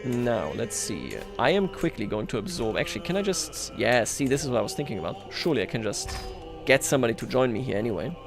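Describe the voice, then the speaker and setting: A man's voice: mid-range voice, sing-song, fast talker, creaky, over music. A man livestreaming a strategy game, talking casually to his chat, self-mocking and chuckling often. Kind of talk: casual gameplay commentary.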